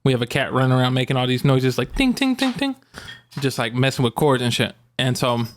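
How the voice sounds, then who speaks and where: A man's voice: medium pitch, quick pace, slight background noise. A young man co-hosting a podcast, casually telling a rambling story with lots of fillers and easy laughs. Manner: relaxed, rambling, many likes and ums, laughs often. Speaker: podcast co-host.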